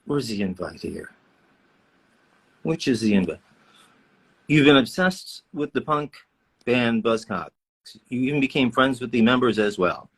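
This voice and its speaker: Animated man reading fan questions. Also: mid-range voice, a little slow, pauses often, breathy edge. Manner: animated, playful, reads questions aloud. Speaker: voice actor at a fan autograph session.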